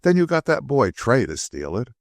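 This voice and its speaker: A small, imperious woman sleuth who holds the whip hand and mocks her victim, as a male narrator puts her on. The voice lifts above his usual low register but keeps its gravel. It sounds dry and close, in an audiobook reading. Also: wildly swooping pitch, moderate pace, no room sound. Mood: commanding. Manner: cool, commanding, mocking. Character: sharp, imperious little woman detective.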